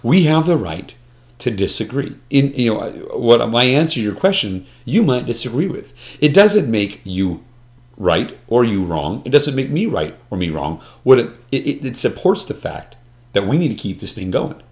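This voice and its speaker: A man's voice: mid-range voice, very animated, normal speed, darkish tone. A man in casual discussion, earnest and emphatic, often restarting his sentences with repeated words. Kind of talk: conversational discussion.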